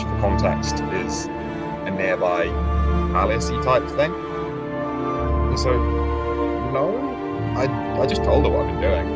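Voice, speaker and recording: A young man in his twenties narrates a travel tale with a wry, self-mocking edge and the odd casual swear. His voice sits on the low side. Clear background music plays beneath him. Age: 20s. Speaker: travel vlogger. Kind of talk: storytelling vlog narration. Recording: music playing under voice.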